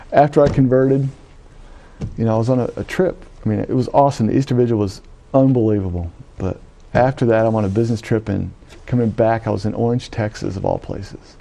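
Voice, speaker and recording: A middle-aged man from Louisiana, a Catholic priest, giving an animated personal testimony and acting out the voices he quotes. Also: mid-range voice, creaky, slight background noise. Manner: animated storytelling, acts out quoted voices, frequent "right?". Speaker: Catholic priest telling his vocation story.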